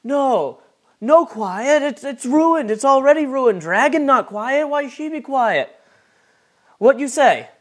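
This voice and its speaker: A man voicing a proud, short-tempered female vampire actress in a tabletop game, speaking in loud, clipped, broken phrases. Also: a little slow. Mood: exasperated. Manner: loud, shrill and indignant, broken clipped grammar.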